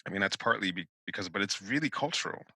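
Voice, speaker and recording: A man with a low voice that has a bright, forceful edge talks bluntly, working through his thoughts with restarts. He is recorded close on a dry studio mic with no room sound. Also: lively intonation, fast, breathy edge, no room sound, poor audio. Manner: blunt, thinks aloud with many restarts. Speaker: podcast co-host. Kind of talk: casual discussion.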